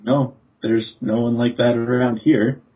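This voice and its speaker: A small living shadow shaped like a boy, odd and curious, answering questions in a plain, puzzled way. A man plays him in a husky, unhurried voice. The audio is tinny, as if over a phone line. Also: mid-range voice, little pitch movement, voice pushed up.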